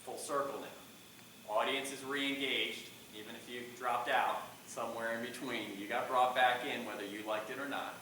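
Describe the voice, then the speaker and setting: Man, middle-aged, public speaking lesson, varied loudness, echoey room, faint hiss. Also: medium pitch, moderate pace. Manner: asks the class questions, lively shifts in volume. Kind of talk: classroom talk to students. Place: classroom. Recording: echoey classroom from far off.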